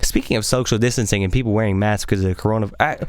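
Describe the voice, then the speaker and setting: A man's voice: fairly low pitch, steady tone, racing, clear, resonant tone, no echo. A man hosting his own podcast in casual chat, rambling, swearing and joking through tangents into a studio microphone. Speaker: podcast host. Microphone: studio microphone with headphones.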